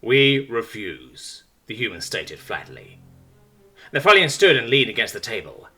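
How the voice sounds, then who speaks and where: A man narrating a science fiction story in a lowered, understated voice. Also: wildly swooping pitch, normal speed, pushed and bright, slightly rough, soft background music.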